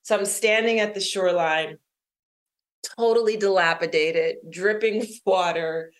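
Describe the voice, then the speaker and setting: Lively middle-aged woman telling a story. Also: mid-range voice, a little slow. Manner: lively storyteller who laughs often. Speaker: interview guest, author and creativity strategist. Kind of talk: storytelling in conversation.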